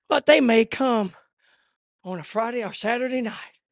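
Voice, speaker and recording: A man preaching a revival sermon at a church service, swinging from hushed asides to shouted, rhythmic repetition. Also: extremely high pitch, normal speed, no room sound, studio quality. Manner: rhythmic repetition, rising cadence.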